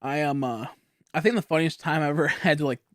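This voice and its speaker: A young man streams from home, talking to his chat in a loose, rambling way and breaking into laughter often. His voice sits a little high for a man. The sound is dry and close to the mic. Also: fast talker, fairly bright tone, dry recording. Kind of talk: casual live-stream chat.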